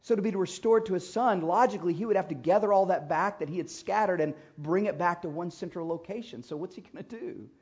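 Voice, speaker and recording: Male preacher, storytelling sermon, husky and a bit high, emphatic with loud-soft swings, dull muffled recording. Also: quick pace, hardly any pauses.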